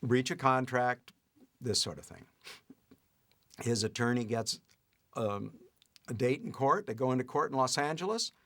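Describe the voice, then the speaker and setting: An older man telling a family anecdote in a lively way, chuckling as he goes. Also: mid-range voice, unhurried, long pauses. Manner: lively retelling with acted-out quotes and chuckles. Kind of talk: anecdotal storytelling.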